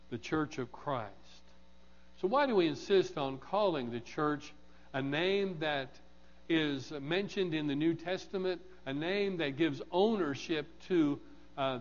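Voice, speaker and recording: A man preaching a morning sermon, measured and deliberate, repeating key phrases with emphasis. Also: on the high side. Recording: dull sound in a reverberant hall.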